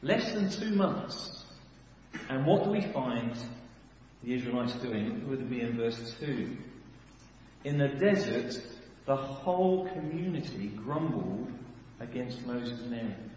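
A man preaching a sermon, animated, full of rhetorical questions and sudden swings between loud and hushed. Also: mid-range voice, unhurried, a little hiss or hum. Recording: echoey hall, dull sound.

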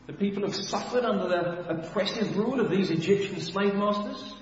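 A man preaching a sermon, animated, full of rhetorical questions and sudden swings between loud and hushed. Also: high voice, a little fast, hardly any pauses, a little hiss or hum. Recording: echoey hall, dull sound.

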